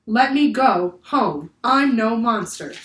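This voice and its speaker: A woman voicing an eager, spirited young girl in a storybook reading, with high, loud, pleading cries. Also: animated, slow. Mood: urgent. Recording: echoey room, far from the mic.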